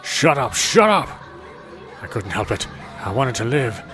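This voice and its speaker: A man's voice: fairly low pitch, moderate pace, music in the background, lightly acted. A man voicing a tormented, violent man who calls himself a beast, speaking in ragged, stuttering outbursts, in a fan voice dub of a visual novel.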